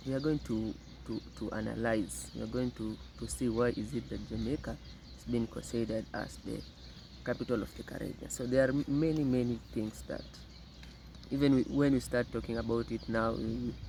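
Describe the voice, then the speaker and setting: A man from Kenya hosting a reaction video, talking in an unhurried way and often repeating words. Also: medium pitch, gravelly, noisy background. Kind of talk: casual commentary.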